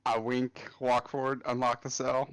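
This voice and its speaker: Man, tabletop player, joking, relaxed, dry close sound. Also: medium pitch, normal speed, clean tone, no room sound, low-quality recording. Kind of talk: casual chat while playing a tabletop game.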